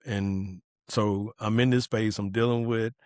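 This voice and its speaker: A man speaks in a fairly low voice, telling a personal testimony with earnest feeling. He acts out the lines of the people in his story. The recording is dry and close. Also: fairly even intonation, a little slow, darkish tone, no echo. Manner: earnest storytelling, acting out quoted dialogue. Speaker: podcast guest. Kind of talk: personal testimony in casual conversation.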